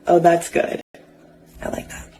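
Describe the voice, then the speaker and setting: A woman's voice: slow, warm tone, slight background noise. Playful woman bickering with herself. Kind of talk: comedy skit playing several selves.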